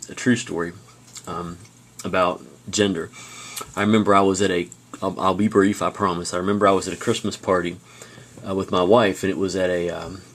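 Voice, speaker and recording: A man tells stories in a relaxed style while teaching a high school class on video, using fillers and often starting over.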